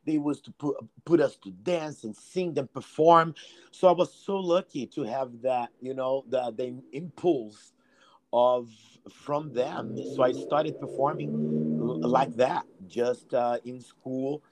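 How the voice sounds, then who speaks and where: Animated man from Brazil, dry sound. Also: mid-range voice, a little slow, no room sound. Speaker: guest performer. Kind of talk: casual interview chat.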